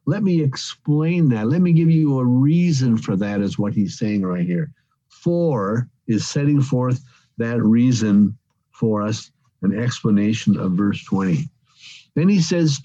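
A man's voice: mid-range voice, animated, measured pace, dark tone. A man teaching an evening Bible study, explaining a verse word by word, often repeating phrases and leaning on key words for emphasis. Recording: dull lo-fi recording.

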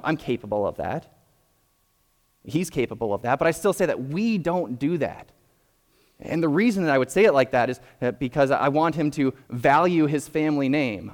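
A young adult man preaching a sermon as a pastor, explaining in a measured way with frequent restarts. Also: medium pitch. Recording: long reverb of a hall.

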